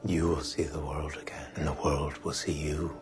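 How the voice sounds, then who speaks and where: A very deep-voiced, formal and cryptic official in a TV drama. Clear music runs under his lines. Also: flat delivery, moderate pace. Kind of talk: TV drama acting.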